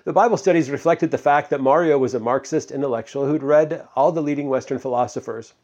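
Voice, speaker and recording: A pastor preaching a casual, conversational sermon, full of fillers and questions to the congregation. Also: male voice, mid-range voice, fast, darkish tone.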